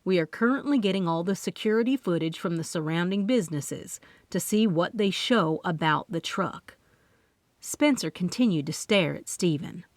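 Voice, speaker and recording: A woman reading first-person audiobook narration in a lively, expressive voice on a close microphone. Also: lowish voice, normal speed, no room sound.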